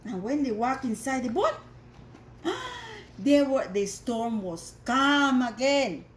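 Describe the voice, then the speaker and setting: A woman teaching a Bible story to children, animated, with dramatic gasps. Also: on the high side, unhurried, a little hiss or hum. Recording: echoey room.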